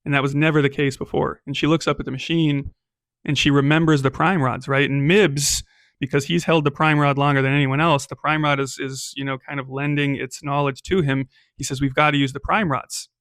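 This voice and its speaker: A man's voice: fairly high pitch, flat delivery, brisk, fairly bright tone, no room sound, studio quality. A man narrating a solo tabletop game as game master, casual and chatty, peppering his telling with "right?" and "um".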